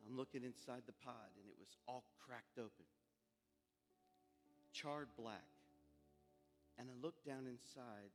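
Male preacher, lively comic storyteller; reverberant hall, soft music. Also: medium pitch, measured pace, pauses often. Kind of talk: storytelling sermon.

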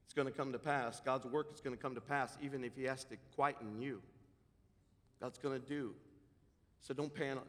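A man preaching a sermon, exhorting emphatically and swinging from loud declarations to hushed asides. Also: medium pitch. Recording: long hall reverb.

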